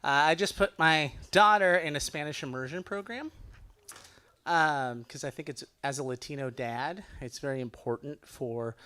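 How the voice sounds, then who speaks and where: A middle-aged man from Los Angeles doing a lively stand-up comedy set at a benefit show. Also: a little high, normal speed, smooth. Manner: animated, loud comic impressions of relatives.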